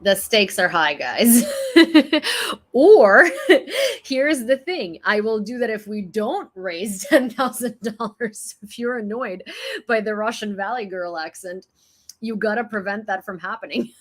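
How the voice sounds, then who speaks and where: A woman's voice: mid-range voice, expressive, measured pace. A woman from Ukraine, hosting a casual livestream news chat in a chatty, giggly way, often restarting her sentences into a phone. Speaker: livestream host.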